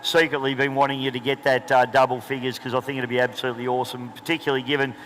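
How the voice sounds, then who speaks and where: A man's voice: mid-range voice, level tone, racing, fairly bright tone, slight background noise, low-quality recording. A man with an Australian accent commentating trackside at a boat race, chatty and joking, talking into a handheld microphone outdoors.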